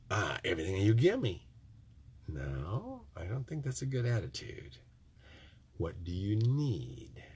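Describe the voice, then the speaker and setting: Husky, nasal Michigan man, a tiny house builder preaching to camera in an emphatic monologue that drops into hushed asides. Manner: emphatic and preachy, swinging from loud outbursts to low, hushed asides. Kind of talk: ranting monologue to viewers.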